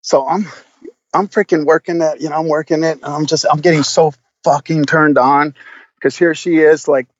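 A man guest on a podcast, telling a story in a casual, profane, animated way with lots of fillers and restarts. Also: a little high, moderate pace, no room sound, muffled recording.

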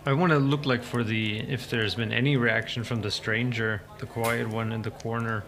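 A man's voice: medium pitch, flat delivery, normal speed, fairly bright tone. A man playing a tabletop game, speaking in character as a stern, formal ranger. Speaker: player.

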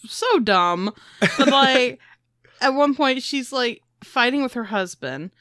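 A woman retells movie scenes in loose, wry chat and laughs often along the way. Her voice sits a bit high. The recording is close and dry. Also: sing-song, slow pace, a bit bright, no room sound. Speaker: podcast co-host. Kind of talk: casual movie recap chat.

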